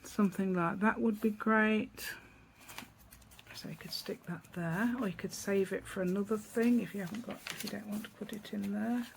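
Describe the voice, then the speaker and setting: A woman's voice: mid-range voice, fairly even intonation, normal speed, creaky, a little hiss or hum, low-quality recording. A middle-aged woman with an East Midlands English accent, chatting casually through a craft tutorial at her table, rambling and asking tag questions.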